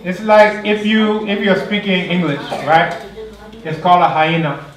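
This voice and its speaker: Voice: medium pitch, moderate pace. A language teacher giving a classroom lesson, explaining patiently with everyday comparisons and often repeating words. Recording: echoey classroom from far off, pupils chattering. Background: children talking.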